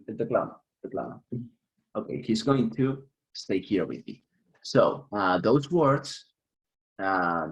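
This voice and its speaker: A man runs an online English lesson over a video call, his low voice coming through dull, lo-fi computer audio. He stays chatty and upbeat, chuckling easily and leaning hard on the key words. His voice sounds a little husky. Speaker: English teacher. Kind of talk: online class teaching. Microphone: computer mic on a video call.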